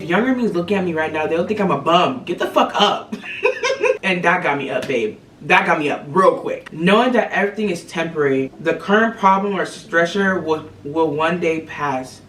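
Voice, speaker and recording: In a roomy, somewhat distant recording with a little ambient noise, a content creator's mid-range, fairly bright voice tells viewers a personal motivational story. The delivery is chatty and packed with filler, peppered with "guys" and "y'all."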